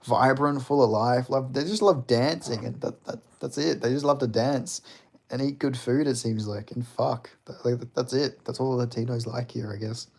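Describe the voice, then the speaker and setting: A man's voice: mid-range voice, moderate pace, creaky, darkish tone. A young man chatting casually on a livestream, rambling and reading out comments, with lots of fillers and swearing. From Australia. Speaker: streamer.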